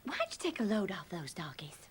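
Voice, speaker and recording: A doting hostess sweet and coddling, with a high, lively voice. She speaks slowly over background music. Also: slight background noise, full character voice. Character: fussing motherly Texan hostess. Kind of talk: kids TV series acting.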